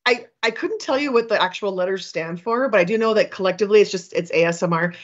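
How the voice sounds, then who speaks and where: A woman's voice: mid-range voice, quick pace, muffled recording. A woman from Minnesota hosting an interview, chatty and rambling with frequent restarts. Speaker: podcast host. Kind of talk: podcast interview.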